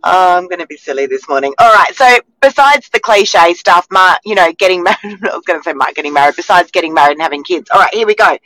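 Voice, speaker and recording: A woman co-hosting a casual chat, her voice husky and tired, chatty and laughing at herself. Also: on the low side, animated, fast, few pauses, fairly bright tone, rough recording. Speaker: co-host.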